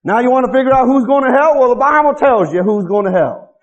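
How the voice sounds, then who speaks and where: A man's voice: very high voice, expressive, fast, highs cut off. A man preaching a sermon as pastor in a folksy, repetitive way, often calling out to the congregation for an answer.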